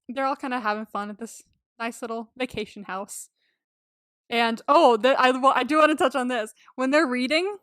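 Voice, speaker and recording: A woman co-hosting a podcast chats and rambles casually while recapping a film. Her voice is on the high side, fairly bright, clear, and resonant, in studio quality with no echo.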